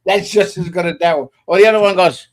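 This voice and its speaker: A man's voice: high voice, fast talker. A man co-hosting a casual political stream, blunt and scornful in his remarks. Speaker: co-host. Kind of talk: casual political chat show.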